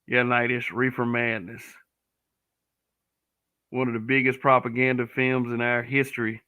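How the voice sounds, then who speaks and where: A man's voice: medium pitch, flat delivery, a little slow, bright, forceful tone, clean tone. A man giving blunt, profane commentary, often restarting and stammering over his words. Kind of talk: casual commentary to camera.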